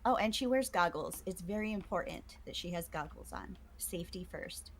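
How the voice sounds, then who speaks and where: A woman's voice: fairly low pitch, lively intonation, moderate pace, slight background noise. A woman player describing her tabletop character in casual chat, hesitant and trailing off.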